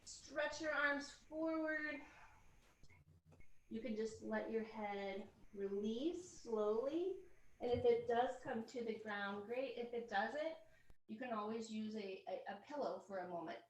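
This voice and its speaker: Woman yoga teacher, kinda high voice, chatty encouraging cues, echoey room and far from the mic. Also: expressive, a little slow. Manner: gently cueing each movement, encouraging and chatty. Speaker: yoga instructor. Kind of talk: guiding a live yoga class.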